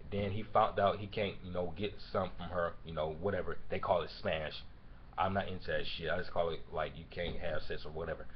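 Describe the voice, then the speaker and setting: A man venting about a breakup in a profane personal rant, dropping to a low mutter and then building to loud shouting. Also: a little hiss or hum. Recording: dull lo-fi recording.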